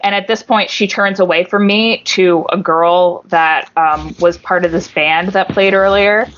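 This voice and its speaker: A woman with a lower voice tells a story on a podcast, casual and swearing freely. She jumps into the voices of the people she quotes, and the sound is dull and lo-fi. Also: a little slow, slight background noise. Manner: animated, profane, acts out quoted voices. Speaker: podcast co-host.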